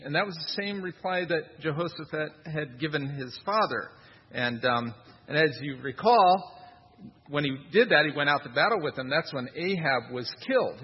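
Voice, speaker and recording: A man's voice: fairly high pitch, breathy edge, long reverb tail, dull audio. A man preaching a sermon in a conversational, wry manner, with rhetorical asides. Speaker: pastor.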